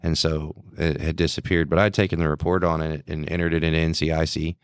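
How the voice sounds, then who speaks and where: Deep-voiced man telling a story. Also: little pitch movement, a little fast, clean tone, no echo. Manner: laid-back storyteller, crude humor, chuckling. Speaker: police officer and podcast co-host. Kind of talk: casual chat.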